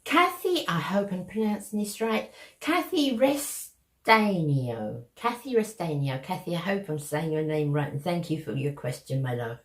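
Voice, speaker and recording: A woman's voice: sits low, lively intonation, normal speed, hardly any pauses, roomy sound. An older woman with a Cockney accent from London's East End, chatting affectionately to her viewers in a beauty vlog. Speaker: beauty vlogger. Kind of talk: casual chat to camera.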